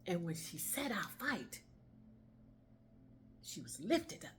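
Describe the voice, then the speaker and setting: A woman's voice: lowish voice, moderate pace, slight background noise. A woman telling a dramatic story aloud, acting out the dialogue and dropping into whispers. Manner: expressive, acts out dialogue, drops to whispers.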